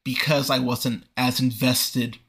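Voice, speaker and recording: A man hosting a movie review podcast, talking casually with frequent pauses and restarts. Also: medium pitch, flat delivery, a bit bright, breathy edge. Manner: conversational, frequent fillers and restarts. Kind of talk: casual spoken film review.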